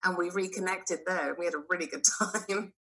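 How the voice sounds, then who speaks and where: Brief: British actress guest in her 40s, bright tense tone, animated and salty, laughs through her stories. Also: on the low side, normal speed, rough recording. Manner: animated, laughing, profane storyteller. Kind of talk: casual podcast chat.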